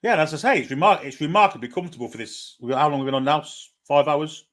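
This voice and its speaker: A man's voice: a little high, lively intonation, fast. A man co-hosting a casual stream, joking at his own expense. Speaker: co-host. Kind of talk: casual banter.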